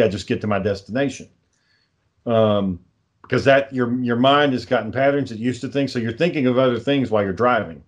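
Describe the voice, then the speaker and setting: A man co-hosting a podcast in casual chat, giving rambling explanations full of fillers and frequent swearing. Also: mid-range voice. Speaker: podcast co-host.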